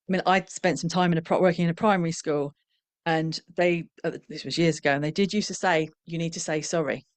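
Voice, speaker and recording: A woman's voice: low-pitched, dry recording. A middle-aged woman who trains professionals in parenting, speaking in a candid, reflective, conversational way and slipping into the voices of the parents and children she quotes.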